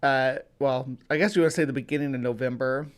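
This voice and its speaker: A man's voice: medium pitch, fairly even intonation, quick pace, smooth. A man from the US hosting a casual livestream, greeting viewers by name and rambling with many fillers and restarts. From United States. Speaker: livestream host.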